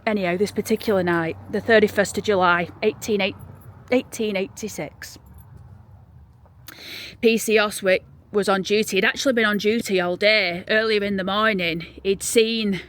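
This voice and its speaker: A chatty Yorkshire woman with a mid-range, steady voice speaks at a moderate pace as she walks through a churchyard outdoors. As a vlogger and graveyard guide, she rambles through casual stories and lowers her voice to a whisper when pointing out graves.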